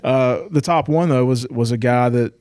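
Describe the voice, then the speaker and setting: A man with a mellow, warm voice hosts a podcast in an easygoing, conversational tone. The recording is dry and close, and he affirms his guest often with quick agreements. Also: mid-range voice, dry recording. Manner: affirming listener, frequent short agreements. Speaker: podcast host. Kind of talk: casual interview chat.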